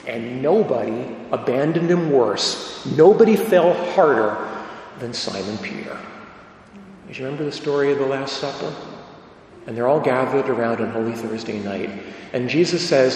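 A priest giving a sermon, telling the story dramatically, sometimes dropping to a low hush. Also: male voice, lively intonation, normal speed, a little hiss or hum. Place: large church. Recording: echoey church with long reverb.

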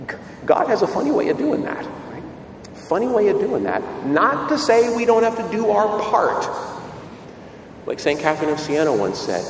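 A man's voice: on the high side, very echoey, long reverb tail, far from the mic, a little hiss or hum. A male priest giving a sermon, telling stories and asking rhetorical questions. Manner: expressive storytelling, rhetorical questions.

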